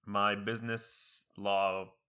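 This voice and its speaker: A young man and college student chatting casually, rambling with many fillers and slipping into high impressions of other people. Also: little pitch movement, sharp tone, smooth. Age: young adult. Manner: quick, many fillers and restarts. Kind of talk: casual chat.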